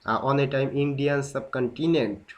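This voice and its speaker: A man's voice: mid-range voice, steady tone, moderate pace, highs cut off. A man from Bangladesh, talking hesitantly on a video call as a learner, often repeating words and restarting. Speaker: English-learner participant. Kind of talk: casual conversation on a video call.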